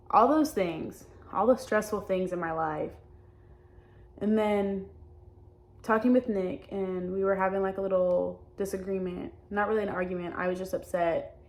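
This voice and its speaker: A young adult woman talking openly in a personal vlog, halting and hesitant, often restarting her sentences. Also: medium pitch. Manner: earnest and open. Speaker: vlogger.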